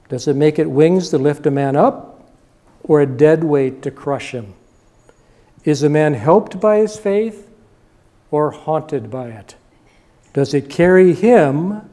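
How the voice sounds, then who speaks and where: An older male pastor delivers a sermon in a mellow, warm-toned voice pitched a little above the usual for a man. He hammers his points home with short, punchy repetitions. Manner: emphatic, repeating short punchy lines.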